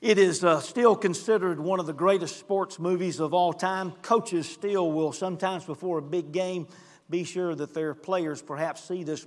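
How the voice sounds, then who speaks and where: A man preaching a sermon as pastor, giving church announcements and reading scripture with earnest emphasis. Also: fairly high pitch. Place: church sanctuary. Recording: long hall reverb.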